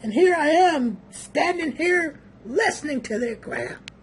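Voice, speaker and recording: A woman voicing a bored, annoyed woman stuck listening to visitors at her door, grumbling in a low, quiet voice. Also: expressive, measured pace, slight background noise. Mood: fed up. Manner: exasperated grumbling.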